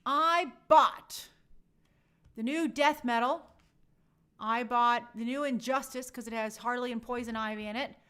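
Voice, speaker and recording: A woman's voice: a little high, measured pace, fairly bright tone, clear, resonant tone. A young woman hosting a casual livestream, chatting and answering viewer comments with a sarcastic edge. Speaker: host answering live chat.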